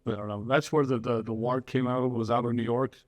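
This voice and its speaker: A man's voice: medium pitch, steady tone, fast. A man hosting a podcast, talking earnestly and with strong opinions in casual political chat. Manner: earnest and opinionated, switches into Spanish to interview. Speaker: podcast host.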